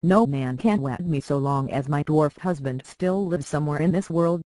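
Audiobook: reader plays gentle young highborn girl, soothing, even-pitched, dry read. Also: normal speed, dry recording, lightly acted, rough recording. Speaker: lady tending a young lord. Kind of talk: audiobook character reading.

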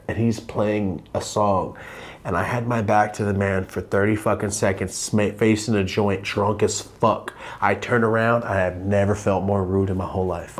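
A man telling a story on his vlog in a casual, profane and animated way, jumping in pitch when he acts out what people said. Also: moderate pace. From Los Angeles, living there now.

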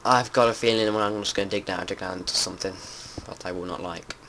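A young-sounding man chats his way through a survival game at home, his voice sitting low. He swears freely and breaks into panicked shouts when startled, with faint outdoor noise and keyboard tapping behind him. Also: fairly even intonation, quick pace. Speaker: gameplay commentator. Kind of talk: casual let's-play commentary. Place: home room with window open. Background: faint outdoor noise and keyboard typing.

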